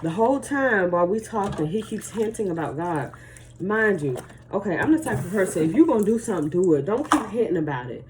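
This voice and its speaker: A woman telling a story at home in a casual, animated and profane way. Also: medium pitch, a little fast, slight background noise. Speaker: vlogger. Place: at home, near a running tap.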